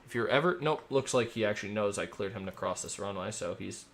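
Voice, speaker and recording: A man streaming himself as an air traffic controller. He talks in an upbeat, rambling way between crisp radio calls. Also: lowish voice, quick pace, fairly bright tone. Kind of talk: live-stream commentary mixed with radio phraseology.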